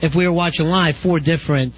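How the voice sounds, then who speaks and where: A man's voice: fairly high pitch, steady tone, quick pace, breathy edge. A man hosting a radio talk show, skeptical and teasing with his guest. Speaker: radio host. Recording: dull lo-fi radio recording.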